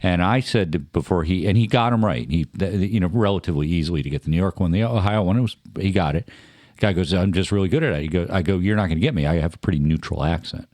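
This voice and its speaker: A man's voice: sits low, fast, darkish tone, dry recording, studio quality. A man born in Germany co-hosting a radio talk show, telling a chatty anecdote. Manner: chatty storyteller, explains things. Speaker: co-host. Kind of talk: casual chat, anecdote telling. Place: radio studio.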